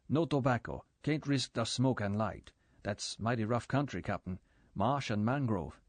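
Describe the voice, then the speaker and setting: A man's voice: mid-range voice, moderate pace, no echo, lightly acted. A male narrator voicing a worried, reluctant Cayman Islander boatman with a Caymanian accent and plain-spoken dialect.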